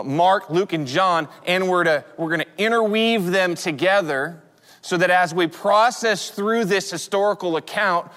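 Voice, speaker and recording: A man's voice: sits high, a bit bright. A man in his forties preaching a sermon as pastor, telling stories in a conversational way with frequent restarts. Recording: long hall reverb.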